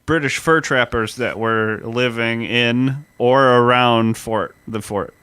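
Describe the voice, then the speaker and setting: Bright, clear-voiced male podcast host. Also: medium pitch, slow, dry recording. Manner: explains history step by step in a storytelling way. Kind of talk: casual history podcast chat.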